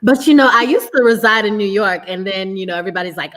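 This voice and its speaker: A woman's voice: mid-range voice, fast, few pauses, fairly bright tone. A woman hosting a casual interview chat, effusive and gushing. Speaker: host.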